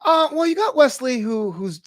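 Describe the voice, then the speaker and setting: A man co-hosting a wrestling podcast, talking in an animated, emphatic and jokey way. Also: extremely high pitch, moderate pace, no echo, clean studio sound. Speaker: podcast co-host. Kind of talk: casual wrestling podcast chat.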